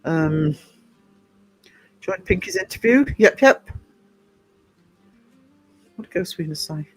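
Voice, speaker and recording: A man's voice: on the high side, expressive, slow pace, breathy edge, no room sound, soft background music. A man hosting a casual livestream, rambling through viewer comments with lots of ums and restarts. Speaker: livestream host and small publisher.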